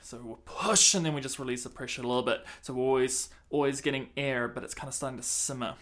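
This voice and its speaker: A man's voice: medium pitch, fast, music in the background. A man teaching a clarinet lesson in a casual, chatty way, counting and singing the beats aloud and laughing at himself.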